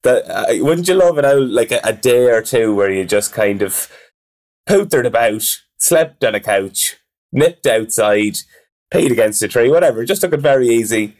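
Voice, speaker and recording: A man's voice: mid-range voice, lively intonation, normal speed, a little mellow. A man in casual chat, teasing his co-hosts. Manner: teasing, chatty. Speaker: podcast co-host.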